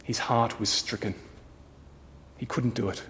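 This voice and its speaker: A man's voice: medium pitch, steady tone, measured pace, slight background noise. Man preaching dramatically in an echoing hall. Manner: dramatic, swings between hushed and loud. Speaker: pastor. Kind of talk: sermon storytelling.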